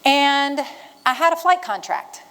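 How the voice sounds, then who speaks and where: A woman in her fifties from Virginia tells her life story to a room of veterans, slipping into the voices of the people she quotes. Her voice sits a little high for a woman and carries the energy of a motivational speech. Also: unhurried, rough recording. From Virginia, USA. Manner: animated, acts out dialogue in her story. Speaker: retired Marine giving a talk to veterans. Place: event room with an audience.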